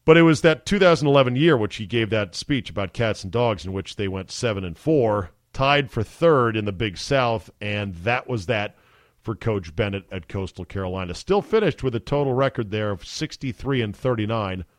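A man's voice: lowish voice, lively intonation, moderate pace, dry recording, studio quality. Chatty, enthusiastic male podcast host. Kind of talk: casual chat.

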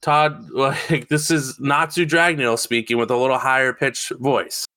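Man, podcast co-host, excitable and foul-mouthed, crisp forward tone, dry close sound. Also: medium pitch, measured pace, no echo. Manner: excitable, swears freely, rambling. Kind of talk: casual chat.

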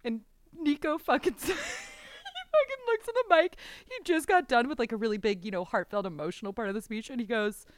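A woman in her twenties co-hosting a podcast in casual chat, animated and swearing, bursting into loud laughter. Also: fairly high pitch, brisk, no echo. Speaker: podcast co-host.

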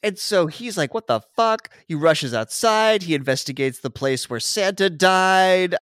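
A man hosting a podcast, casually recapping a movie with swearing and quick acted-out character voices. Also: sits high, expressive, a bit bright, dry recording, studio quality. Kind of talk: casual comedic chat.

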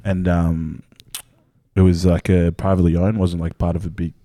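A man's voice: low voice, flat delivery, normal speed, dark tone. A man telling a story in a casual podcast chat, laid-back and laughing along as he talks. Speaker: podcast guest.

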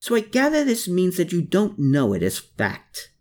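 Man voicing an army colonel, snarling, sneering, raised lively pitch, audiobook. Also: moderate pace, heavily acted. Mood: scornful. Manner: growling, snapping, scornful. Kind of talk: audiobook character voice.

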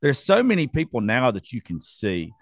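A man's voice: medium pitch, wildly swooping pitch, moderate pace, dry recording, clean studio sound. A man in casual podcast chat, earnest and emphatic, swearing and lining up his points one after another.

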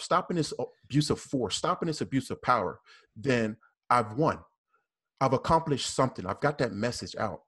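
A man's voice: medium pitch, a bit bright, breathy edge. A man with a Southern US accent, a police officer speaking earnestly and with repetition as a guest in a casual panel discussion.

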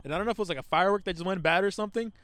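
A young man co-hosting a podcast outdoors at night, rambling excitedly with lots of swearing into a microphone. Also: high voice, very fast, no echo. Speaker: podcast co-host. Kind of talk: casual chat.

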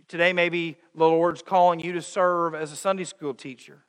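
A man's voice: fairly high pitch, flat delivery, moderate pace, hardly any pauses, clean tone, in a large hall. A man preaching a sermon to his congregation, calling them friends and acting out everyday quotes with humor. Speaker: pastor. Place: church sanctuary.

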